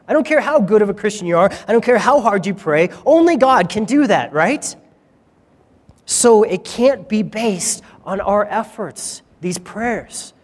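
A man's voice: high-pitched, in a large hall. A man preaching a sermon, telling a story in a conversational, self-deprecating way.

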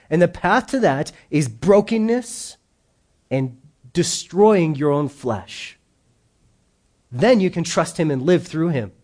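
Joking man preaching a casual sermon. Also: sits high. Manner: casual, joking, acts out quoted voices. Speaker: pastor.

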